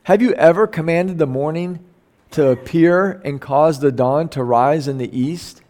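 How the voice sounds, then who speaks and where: A middle-aged man delivers a sermon in an easy, conversational way. His voice sits a little high, and he keeps asking the listeners rhetorical questions. He reads scripture aloud and corrects himself as he goes. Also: unhurried, darkish tone. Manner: conversational, asks rhetorical questions, self-corrects while reading. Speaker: pastor. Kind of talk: sermon reading and explaining scripture.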